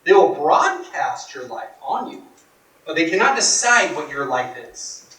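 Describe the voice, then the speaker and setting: A man giving a motivational workshop talk, telling stories in a dramatic, emphatic way that swings from hushed to loud. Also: fairly high pitch, sing-song, unhurried. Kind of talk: storytelling speech to a live audience. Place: workshop room. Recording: echoey room from far off.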